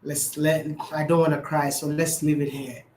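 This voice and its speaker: A man's voice: on the high side, little pitch movement, normal speed, darkish tone, slight background noise. Laughing man in a roomy room. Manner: laughing often, repeating phrases, calling people man and bro. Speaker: vlogger answering viewer questions. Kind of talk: casual chat. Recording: roomy echo.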